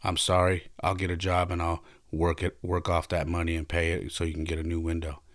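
A man's voice: low voice, monotone, fairly quick, fairly bright tone, dry recording, clean studio sound, voice pushed down. A man voicing a polite, honest boy who owns up to his mistakes, earnest and respectful.

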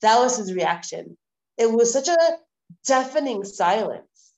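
A woman teaching a live online Torah class, lecturing in a lively, conversational way with repeated phrases and rhetorical questions. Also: a little high, measured pace, poor audio. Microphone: video call.

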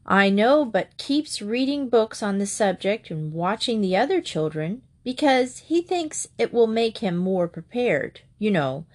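Cheerful, reassuring old lady from a storybook, voiced by a woman reading aloud. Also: medium pitch. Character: kind elderly woman who helps children.

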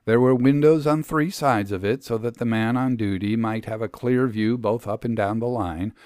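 A man narrating a literary story in the first person, measured and storytelling. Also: medium pitch, a little mellow, clean tone, no echo. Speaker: reader.

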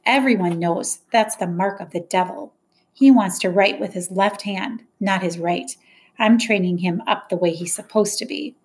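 A woman voicing an older, strict country schoolteacher who speaks in a sharp, indignant, prim way. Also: medium pitch, normal speed, lightly acted. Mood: stubborn. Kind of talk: audiobook character voice.

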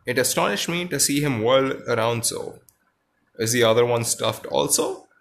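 A man's voice: medium pitch, lively intonation, moderate pace, gravelly, a bit bright, a little hiss or hum. A man reading aloud a timid, self-pitying male lion who is ashamed of his cowardice, in a storybook reading. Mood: sorrowful.

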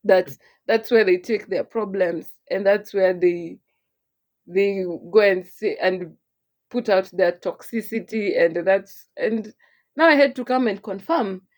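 A young woman with a Kenyan accent, co-hosting a casual podcast chat in an animated way. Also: medium pitch, measured pace. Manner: animated, mixes English and Swahili, laughs often. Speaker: podcast co-host.

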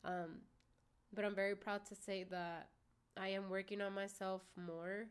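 A woman's voice: mid-range voice, flat delivery, a little slow, smooth. A young woman vlogger talking openly to her viewers in a casual, rambling way, swearing often and leaning on fillers like "you know what I mean". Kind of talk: candid casual monologue.

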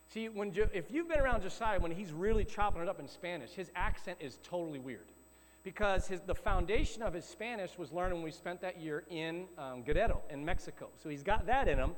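A middle-aged pastor preaches in a relaxed, storytelling manner, his voice sitting fairly high for a man. The sound carries a long reverb from the church hall. A faint hum lies underneath. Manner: conversational storytelling, animated. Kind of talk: sermon.

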